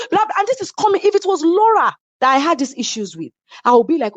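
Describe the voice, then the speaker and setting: A middle-aged woman with a Nigerian accent, a reality show cast member telling a story in casual chat, animated and heated, slipping into Yoruba phrases. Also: very high voice, quick pace, no room sound. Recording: slightly muffled lo-fi sound.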